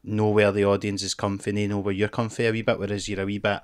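A man's voice: lowish voice, completely flat delivery, fast talker, clean tone. A man with a Scottish accent hosting a podcast, easygoing and reflective, with casual swearing. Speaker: podcast host. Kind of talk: casual chat.

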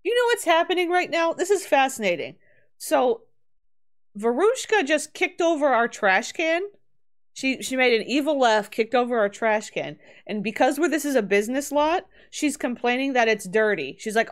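A woman casually commenting on a life simulation game as she plays, chatty and excitable, laughing often. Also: sits high, moderate pace. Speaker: streamer. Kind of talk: casual let's-play commentary.

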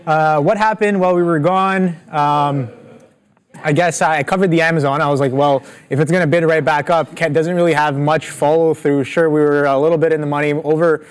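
A man trader talking through his trades in a relaxed, filler-heavy way. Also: a little high, a little fast, clean tone. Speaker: trader co-host. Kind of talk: casual trading talk.

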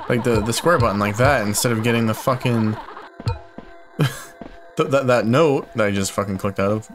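A young gaming YouTuber with a mid-range voice does let's-play commentary on a horror game, frustrated and confused, swearing a lot and letting out loud, startled yelps. Game music plays in the background.

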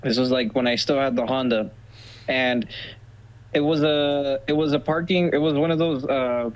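A man's voice: mid-range voice, steady tone, normal speed, clear, resonant tone, highs cut off. A man telling a comedic story on a podcast in a rambling way, restarting sentences and swearing a lot. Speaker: podcast co-host.

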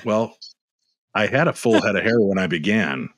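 A man's voice: lowish voice, animated, moderate pace, background noise. A middle-aged man, a guest on a video-call interview, telling stories animatedly and acting out the dialogue. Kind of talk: storytelling interview.

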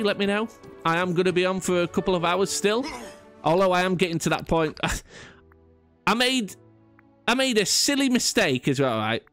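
A man's voice: high voice, a bit bright, no echo. A man rambling through casual gameplay commentary, chatty and self-mocking with frequent restarts. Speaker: gaming YouTuber.

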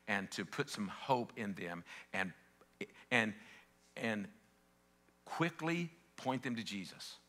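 A middle-aged man preaching a passionate sermon in a church, calling out to the congregation and dropping from loud shouting peaks to quiet storytelling. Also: on the low side. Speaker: pastor. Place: church sanctuary.

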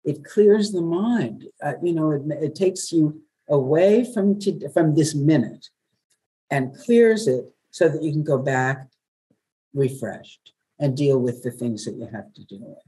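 An older woman from New York, a veteran radio journalist, telling stories in a chatty, lively way as an interview guest. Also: deep voice, measured pace, slightly rough, poor audio. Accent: New York, softened. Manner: warm, chatty storyteller with laughs. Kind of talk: webinar interview.

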